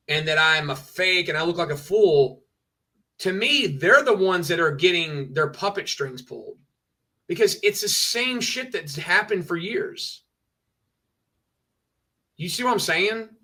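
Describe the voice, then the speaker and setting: Bright-voiced ranting male streamer. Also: high voice, animated, unhurried. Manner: emphatic, repetitive, heated. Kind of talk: ranting livestream talk.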